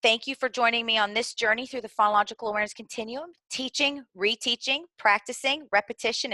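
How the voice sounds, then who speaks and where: A middle-aged woman with a Southern American accent walks teachers through early reading skills in an earnest instructional tone. Her voice sits a little high and rings bright and clear. The recording is close and dry, with no room sound. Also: no room sound. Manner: earnest, explanatory, occasional fillers and restarts. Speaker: early literacy trainer.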